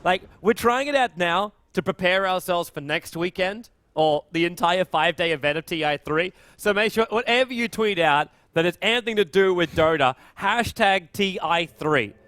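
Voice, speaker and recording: A young man casts a live esports match with a slightly high voice. He chats casually between plays. When a fight breaks out, he speeds up into excited play-by-play. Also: normal speed, hardly any pauses, dry recording. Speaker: esports caster. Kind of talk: live game commentary.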